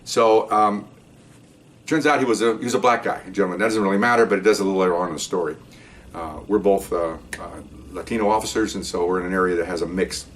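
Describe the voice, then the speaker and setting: A man's voice: deep voice, fast talker, slight background noise. An older man, a retired police officer telling a story casually and acting out the voices of the people in it. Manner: animated, acts out voices in the story.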